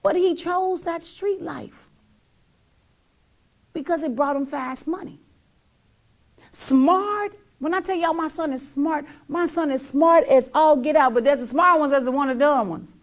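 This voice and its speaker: A middle-aged woman gives heartfelt testimony about her life as a mother in a high-sitting voice at a measured pace. She is emphatic and repetitive, sometimes dropping almost to a whisper.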